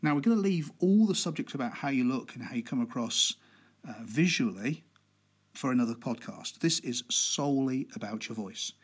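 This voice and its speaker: A man hosting a podcast about public speaking, talking in a relaxed, conversational way with fillers and a deliberately slow pace. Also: medium pitch, breathy edge. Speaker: podcast host.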